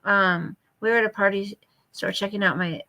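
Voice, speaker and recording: A fifty-something woman reads viewer comments aloud and answers them while hosting a casual late-night live chat, cooing baby talk to her dog along the way. Her voice is medium-pitched and steady, at normal speed, with a sharp tone.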